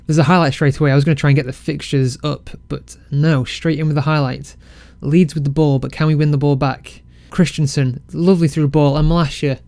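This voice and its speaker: A man casually commentating his football management game, excitable and self-mocking. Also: on the high side, fairly quick, creaky, hardly any pauses, dry recording. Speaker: game let's-play creator.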